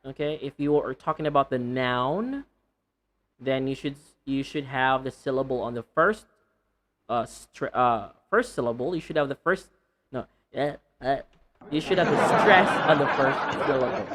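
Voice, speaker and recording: A man teaching an online pronunciation lesson, repeating words to drill them, with a deliberate, lightly playful manner. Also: medium pitch, a bit bright, some chatter behind.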